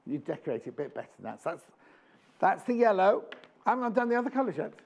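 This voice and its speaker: A man hosts a live shopping show, chatting and joking as he sells. His pitch sits a little high and leaps around a lot. There is a gravelly edge to his voice. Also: big pitch swings, fast, a little mellow. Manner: chatty, enthusiastic, jokey. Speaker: shopping channel presenter. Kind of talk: live TV sales chat. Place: TV studio.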